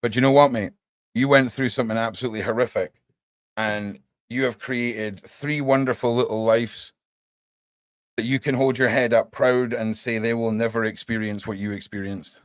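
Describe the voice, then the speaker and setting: A male podcast host on a casual livestream talks to his chat with a mid-range voice at a moderate pace. There's no room sound. His delivery is animated, he casually swears from time to time, and he calls viewers "mate."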